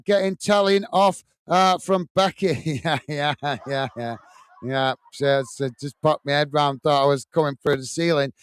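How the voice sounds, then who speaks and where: With a clear, resonant high voice and no room sound, a UK man hosts a football watch-along from a home studio room. He chats casually, reads out and thanks viewers' comments by name, and fills his speech with plenty of fillers.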